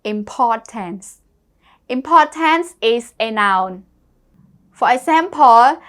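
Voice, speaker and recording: A woman from Cambodia teaches English vocabulary in a slow classroom lesson, repeating each word and spelling it letter by letter. Her voice is slightly high and a bit bright.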